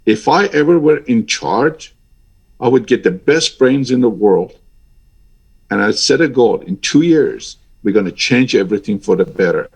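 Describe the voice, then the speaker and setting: A man's voice: medium pitch, lively intonation, moderate pace, darkish tone, slightly rough. A man in his sixties, an airline pilot giving an interview, talking in a passionate and emphatic way that rises sharply when he gets stirred up. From Iran. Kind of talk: interview over a remote link.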